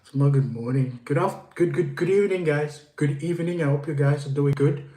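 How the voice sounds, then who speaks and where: Male streamer, slightly high voice, loose and rambling, talking into a phone in a reverberant room. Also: brisk, dark tone. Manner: greets viewers by name, rambling and repetitive. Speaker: livestream host. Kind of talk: casual livestream chat. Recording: echoey room.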